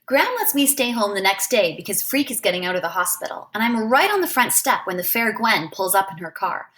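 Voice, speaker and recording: A woman reading a novel aloud as a first-person storyteller, in an expressive way. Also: mid-range voice, brisk. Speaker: reader.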